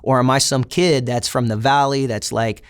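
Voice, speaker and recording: A man's voice: mid-range voice, fairly even intonation, moderate pace, clean tone. Blunt-talking man telling a prison story. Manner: blunt, swears freely, many fillers. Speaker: interviewee. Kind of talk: casual storytelling interview.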